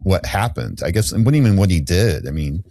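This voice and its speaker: Deep-voiced man telling a candid story. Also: sing-song, fairly quick, creaky, dark tone, no room sound. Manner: rambling, frequent restarts and fillers. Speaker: podcast guest.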